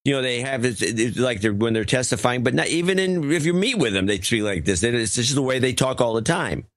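A man's voice: mid-range voice, animated, brisk, no room sound. An older man co-hosting a talk podcast in casual chat, grumbling and sarcastic. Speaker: co-host.

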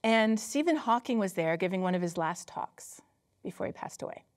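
A woman climate scientist delivers a public lecture in a lecture hall at a company headquarters, telling stories full of emphatic rhetorical questions and frequent laughter. Her medium-pitched voice is animated and runs at a normal speed.

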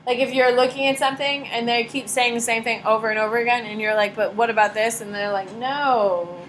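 A woman's voice: fairly high pitch, flat delivery, fast, a bit bright, a little hiss or hum, rough recording. A young woman teacher giving a chatty classroom lecture, telling stories with sarcastic asides. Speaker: high school teacher.

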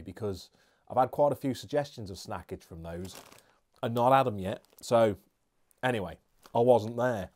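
A man's voice: medium pitch, dark tone. A man reviewing beer and snacks in a casual, chatty, jokey vlog with rambling asides.

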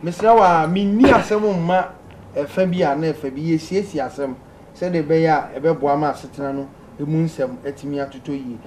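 Male call-in host, upbeat, reads messages and laughs; higher voice, light noise behind. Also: moderate pace. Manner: lively, laughing, pleading with callers to speak. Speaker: radio host reading listener messages. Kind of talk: call-in advice show.

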